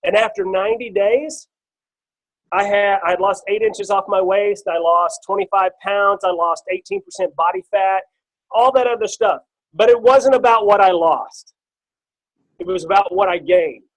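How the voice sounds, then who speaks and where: Brief: middle-aged man, slightly high voice, casual rambling testimony on a team call. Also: normal speed, poor audio. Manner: casual and storytelling, with many fillers and restarts. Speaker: guest speaker on a team call. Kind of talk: personal testimony on a conference call.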